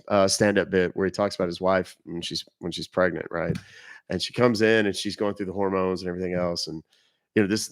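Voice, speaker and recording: A middle-aged man with a low-pitched voice hosts a loose, joking live stream where he baits scammers, swearing freely and now and then coughing or sniffling. The recording is dry and studio quality.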